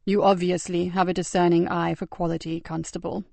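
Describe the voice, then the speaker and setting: A woman narrator voicing a polite, reserved man with a German accent who speaks slowly and softly. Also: sits high, level tone, gravelly, no room sound. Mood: polite, measured.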